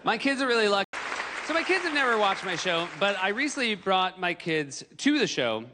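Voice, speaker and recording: A middle-aged American man performing a stand-up comedy set on a large stage, animated and bursting into loud, exaggerated outbursts. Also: high-pitched, fairly quick, crowd noise. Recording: long hall reverb, audience noise.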